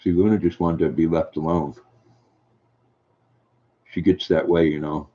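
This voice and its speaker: An older man with a deep, flat voice chats gently with viewers in a folksy way. His voice comes through dull, lo-fi stream audio. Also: a little slow. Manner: gentle, folksy, reads viewer comments aloud and answers them. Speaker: livestream host reading chat. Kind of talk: casual chat.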